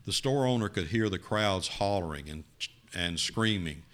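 A man preaching a sermon, telling a story with dramatic rises and quiet drops. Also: lively intonation, normal speed. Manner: dramatic, rising to loud emphasis then dropping low.

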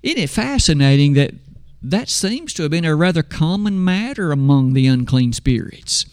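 A man delivering a sermon, reading scripture aloud with slow, emphatic pauses. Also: fairly high pitch, animated, darkish tone, clean tone, no echo, clean studio sound. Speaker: preacher.

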